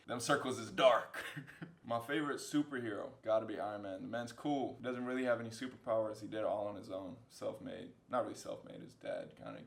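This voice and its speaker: Speaking fast with hardly a pause, this twentysomething vlogger fields fan questions, rambling through funny anecdotes and laughing at himself. His lowish voice has vocal fry, and the indoor room with a fill light gives a roomy sound.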